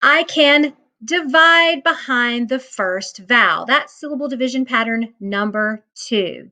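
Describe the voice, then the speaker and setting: A woman teacher recording a self-paced phonics lesson, explaining syllable division step by step and sounding out words slowly and patiently. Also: a little high, fairly bright tone.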